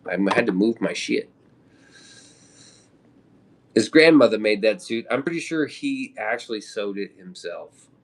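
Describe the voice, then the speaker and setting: A man's voice: on the low side, expressive, unhurried, pauses often. A man from the Midwest chatting casually on a live stream, rambling with loose slang and casual swearing. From American Midwest.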